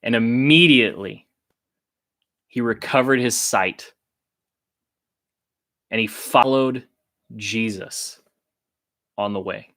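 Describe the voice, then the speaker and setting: A man's voice: mid-range voice, slow pace, long pauses, a bit bright. A youth pastor, a man, teaching a Bible story and speaking directly to young listeners in an earnest, repetitive way. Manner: earnest, addresses listeners directly, repeats phrases for emphasis. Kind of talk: sermon-style Bible teaching to teens.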